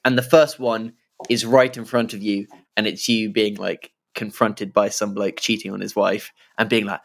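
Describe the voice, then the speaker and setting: A man's voice: fairly low pitch, flat delivery, normal speed, vocal fry. A man in a casual chat about a video game, chiming in with side notes and laughing often.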